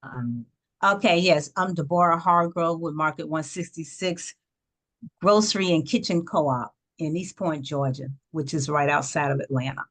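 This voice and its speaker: Female co-op member, low voice, straightforward. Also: moderate pace, fairly bright tone. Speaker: grocery co-op member. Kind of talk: self-introduction on a video call. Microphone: video call.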